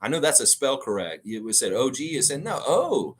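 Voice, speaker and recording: Animated man ranting about basketball. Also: medium pitch, normal speed, slightly rough. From United States. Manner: animated, emphatic, blunt, with frequent cursing. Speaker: sports fan show host. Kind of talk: casual live stream commentary.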